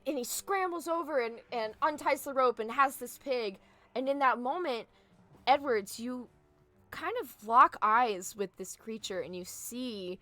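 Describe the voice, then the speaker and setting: A woman's voice: a little high, expressive, unhurried, pushed and bright, dry recording, faint music behind. A woman narrating as game master of a tabletop game, descriptive and full of fillers. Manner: descriptive, filler-heavy, laughs easily.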